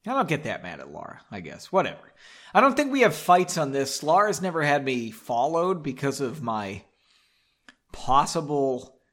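A man's voice: on the high side, big pitch swings, normal speed, a bit bright. A man hosting a comedy show, reading a melodramatic story aloud and breaking off for sarcastic asides, recorded in a basement studio. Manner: sarcastic, mocking asides, drinking while reading.

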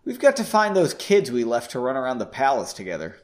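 A man voicing a cool, teasing young man who mocks his rival in a relaxed way. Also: medium pitch, a little fast, pitched below the performer's own voice. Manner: relaxed and mocking.

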